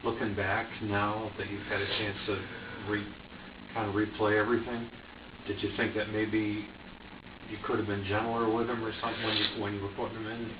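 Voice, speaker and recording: A man working as a police detective, asking quiet, measured questions in an interrogation. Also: lowish voice, level tone. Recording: muffled, echoey, distant, noisy audio.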